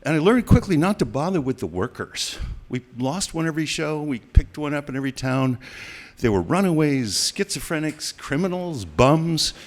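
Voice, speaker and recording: A man in his sixties telling a live story as a guest, animated and acting out the voices of the people in it. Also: on the high side, moderate pace. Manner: animated, acts out quoted voices, laughs.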